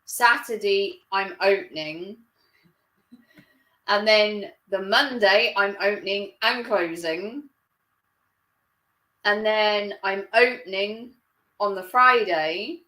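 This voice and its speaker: Woman, casual live stream chat, unhurried, echoey room. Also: medium pitch, pushed and bright. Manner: rambling, chatty, laughs often. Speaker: livestreamer. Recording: roomy echo.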